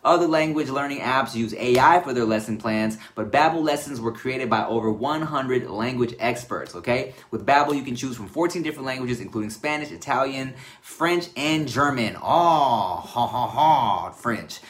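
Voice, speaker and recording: Man reading a podcast sponsor ad in a relaxed, conversational way. He drops casual asides between lines. His pitch sits mid-range. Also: moderate pace, few pauses. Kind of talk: ad read.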